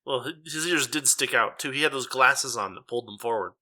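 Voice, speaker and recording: A man's voice: mid-range voice, a little fast, sharp tone. A man co-hosting a podcast in casual chat, who stammers over repeated words before landing a dry remark. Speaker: podcast co-host.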